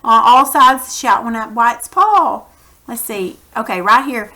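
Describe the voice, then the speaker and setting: A woman's voice: on the high side, normal speed. A woman teaching a reading lesson to children and acting out quoted lines. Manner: animated, acts out quoted lines. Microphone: computer mic for recorded lesson.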